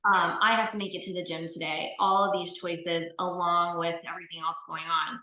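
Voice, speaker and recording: A woman's voice: fairly low pitch, little pitch movement, normal speed, bright, forceful tone. Woman, interview guest, casual heartfelt storytelling, lots of fillers, reverberant room. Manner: earnest, heartfelt, many fillers. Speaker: interview guest, bodybuilding competitor. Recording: echoey room.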